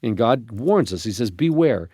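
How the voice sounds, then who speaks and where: A man's voice: medium pitch, big pitch swings, normal speed, warm tone, dry recording, studio quality. A middle-aged man hosting a faith-based podcast, talking in an emphatic, preacherly way with frequent restarts. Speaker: podcast host.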